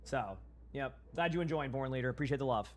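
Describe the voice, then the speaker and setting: A man's voice: mid-range voice, fast, slight background noise. A young man with a Boston accent giving casual, rambling live-stream commentary while playing and chatting with viewers on a headset mic.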